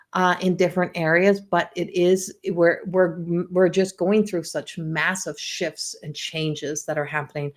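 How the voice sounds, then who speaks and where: A middle-aged woman from Newfoundland with a Newfoundland accent, a psychic medium chatting casually on a livestream with many restarts. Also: lowish voice. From Newfoundland, Canada. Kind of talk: casual rambling livestream talk.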